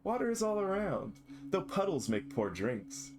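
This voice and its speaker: A man's voice: high-pitched, sing-song, normal speed, voice pushed up. A man reading a game character's lines, putting on a mocking, grandiose tragedian who declaims like a stage actor. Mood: theatrical. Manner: declaiming, theatrical. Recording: game music playing behind.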